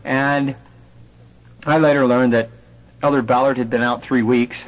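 Before a live audience, a man in a medium-pitched, unhurried voice recounts how he was converted, chatting with some fillers. He brings the story to life by acting out the voices of people he quotes, over poor audio.

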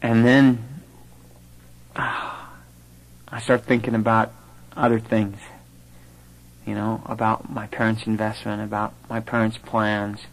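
Slow and gravelly, with a lowish voice and frequent pauses, a man shares his conversion story before a live audience. He talks conversationally with a few fillers, animatedly acting out quoted voices, though the audio is poor.

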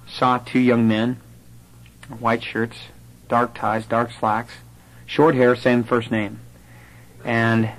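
A man at a mid pitch tells a personal story to a live audience. He speaks in a conversational way with the odd filler. He brings the story to life by acting out the voices of the people in it. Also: poor audio. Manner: animated storyteller who acts out quoted voices.

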